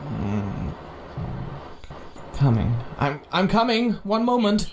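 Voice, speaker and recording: A man voicing a polite young nobleman who calms others, in his own hoarse voice. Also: high voice, slow, heavy background noise, voice pushed up, heavily acted. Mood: gentle. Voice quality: gravelly, hoarse.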